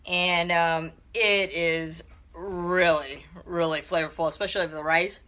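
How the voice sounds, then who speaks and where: Bright-voiced woman chatting through a cooking vlog. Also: lowish voice, steady tone, measured pace. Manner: chatty, easygoing, lots of fillers. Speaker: family vlogger. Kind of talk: casual cooking vlog chat. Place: home, partly outdoors.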